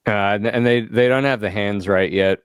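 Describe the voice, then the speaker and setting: A man's voice: lowish voice, moderate pace, smooth, dry recording. A man co-hosting a casual podcast from a studio, rambling and laughing often. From South Africa. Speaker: podcast co-host. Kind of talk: casual chat.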